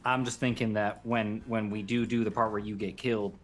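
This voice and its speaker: A man's voice: on the low side, level tone, a little fast, soft background music. A man playing his character in a tabletop game, talking in an earnest, reassuring way. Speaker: player. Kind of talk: in-character tabletop role-play.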